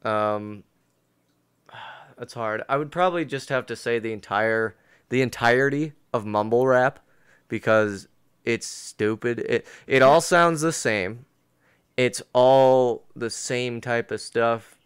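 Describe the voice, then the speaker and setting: A man's voice: mid-range voice, slow, clean tone. A young man hosting a podcast in casual chat, who swears a lot and gets frustrated easily. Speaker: podcast host.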